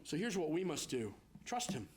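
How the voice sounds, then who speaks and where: A man with a high, light voice delivering a lively sermon. He weaves in personal anecdotes and acts out fretful prayers, climbing higher in pitch as he plays the worried believer. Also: moderate pace, background noise. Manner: animated preaching, acts out prayers in a high pleading voice. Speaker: pastor.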